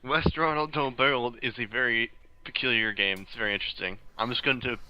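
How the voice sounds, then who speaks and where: A young man, a guest on a casual podcast, telling animated stories and laughing often. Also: mid-range voice, fast, dull audio, background noise.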